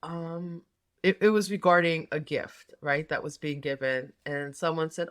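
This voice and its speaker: A woman's voice: deep voice, steady tone, a little slow. A middle-aged woman doing a tarot reading, talking casually in a rambling way with many fillers and restarts. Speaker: tarot reader and nurse health coach.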